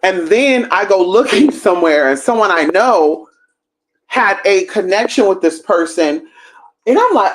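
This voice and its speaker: A woman hosting a livestream, telling a story in a sassy, profane, animated way. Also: medium pitch, normal speed. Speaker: livestream host.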